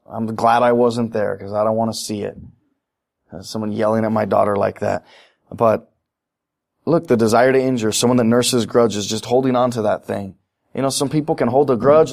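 A middle-aged man preaching a sermon, animated, acting out little voices in his asides. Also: mid-range voice. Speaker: pastor.

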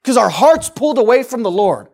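High-voiced man preaching emphatically. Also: big pitch swings, fairly quick, a little mellow. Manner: emphatic, conversational preaching with repeated phrases. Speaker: pastor. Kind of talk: sermon.

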